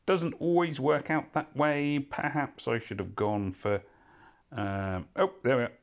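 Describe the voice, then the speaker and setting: A man's voice: mid-range voice, steady tone, measured pace. A man giving casual, rambling commentary as he plays a mobile puzzle game, often drifting off topic and correcting himself. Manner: rambling, digressive and self-correcting.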